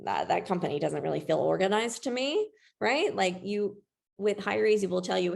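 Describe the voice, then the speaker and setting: A woman's voice: medium pitch, moderate pace, creaky, a little mellow. A woman presenting a webinar in a casual, chatty way, often saying "like" and keeping an upbeat tone.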